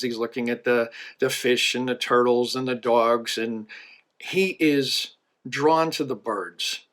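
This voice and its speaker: A man, a business coach, casually telling a joke in a monthly video message. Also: mid-range voice. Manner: relaxed, folksy storytelling.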